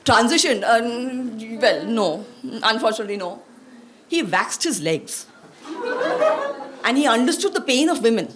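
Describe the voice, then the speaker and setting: A woman, performing a lively stand-up comedy set for a live audience. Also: fairly high pitch, measured pace, pauses often, noisy background. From India. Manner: lively, animated delivery with playful mock voices.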